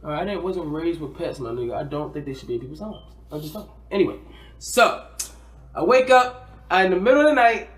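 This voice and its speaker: A man from New Jersey with a high voice chats on a podcast, telling a wild story in heavy slang. He throws himself into the quoted voices of the people in it. The sound is roomy, with plenty of echo. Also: lively intonation, brisk, a bit bright. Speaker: podcast co-host. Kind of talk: casual storytelling chat.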